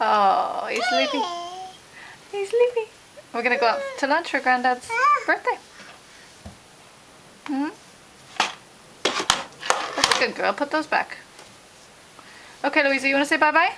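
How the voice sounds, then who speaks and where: A woman talking to a toddler in a home video, her voice pitched very high in coaxing sing-song baby talk. The camcorder recording is plain and home-made, with clear background noise around her. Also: measured pace, long pauses. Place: family home indoors.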